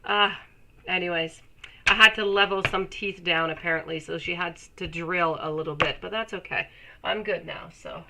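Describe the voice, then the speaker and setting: A woman's voice: on the low side, normal speed, creaky, background noise. Woman with a stuffy cold reading tarot. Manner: chatty, affectionate, laughs often. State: nasal from a cold. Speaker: tarot reader. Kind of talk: live-stream tarot reading.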